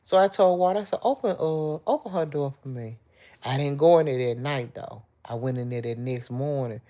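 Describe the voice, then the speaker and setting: A woman's voice: very deep voice, normal speed, warm tone. A middle-aged woman hosting a livestream, chatting in a heartfelt, emotional way straight to her viewers. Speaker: livestream host. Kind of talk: casual livestream chat with viewers.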